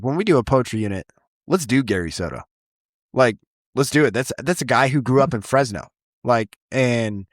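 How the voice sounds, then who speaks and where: A man who teaches high school English, chatting casually on a podcast and rambling with frequent restarts and the odd swear word. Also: dry recording, studio quality.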